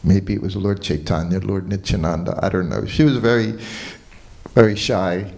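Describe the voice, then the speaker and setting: A man giving a morning lecture at a temple, telling a personal story in a relaxed way and quoting what people said. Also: low voice, normal speed, gravelly. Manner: relaxed anecdotal storytelling with quoted dialogue. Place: temple hall.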